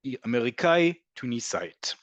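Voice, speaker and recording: A man's voice: medium pitch, big pitch swings, no room sound. Man teaching, dry close sound. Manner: patient, repeats words slowly to model pronunciation. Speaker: Hebrew teacher. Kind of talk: online class explanation.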